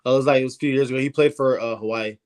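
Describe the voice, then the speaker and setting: A man telling a relaxed, hesitant anecdote in a casual livestream chat. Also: mid-range voice, rapid-fire. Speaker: podcast co-host.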